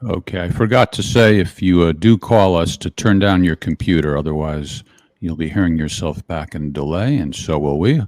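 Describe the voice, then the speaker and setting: A man's voice: deep voice, normal speed, a little mellow, no room sound. A man hosting a live call-in show, genial and joking with callers. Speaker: show host.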